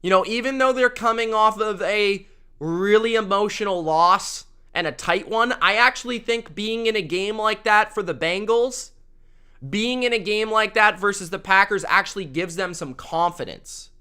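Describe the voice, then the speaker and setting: A young man hosting a casual sports picks show, excitable and repeating himself for emphasis. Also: high voice, normal speed, smooth. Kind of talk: casual sports prediction talk.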